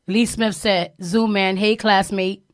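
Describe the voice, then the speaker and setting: A woman's voice: mid-range voice, fairly even intonation, slow pace, no room sound, studio quality. A female co-host in casual interview chat, reacting with giggly exclamations.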